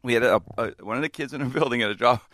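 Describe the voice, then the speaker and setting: A man's voice: medium pitch, racing, no room sound, clean studio sound. A man casually telling a funny anecdote, acting out the people in it and laughing often. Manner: animated, laughs a lot, acts out quotes. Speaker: storyteller in a chat.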